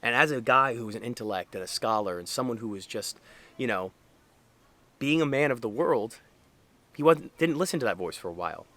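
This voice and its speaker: A man's voice: medium pitch, animated, fairly quick, fairly bright tone. A young man speaking earnestly and conversationally about faith, with frequent fillers. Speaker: Catholic speaker. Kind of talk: casual faith talk to camera.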